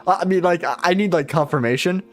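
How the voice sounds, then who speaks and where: Young dude live trading on stream, kinda high voice, swears a ton, jokes on himself. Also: male voice, fast talker, faint music behind. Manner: rambling, profane, self-deprecating. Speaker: live-stream futures trader. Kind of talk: casual live-stream commentary.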